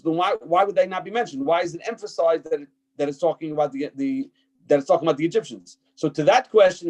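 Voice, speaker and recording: A man's voice: a little high, a little mellow, rough recording. A man teaching a Torah text class as a rabbi, reading passages aloud and explaining them emphatically with frequent fillers and restarts. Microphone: checks if listeners can hear him.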